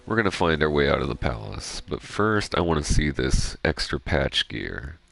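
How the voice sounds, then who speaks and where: A man's voice: extremely low pitch, very animated, moderate pace, gravelly, a bit bright, no room sound. A young man giving rambling, joking gameplay commentary with casual profanity. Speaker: gaming streamer.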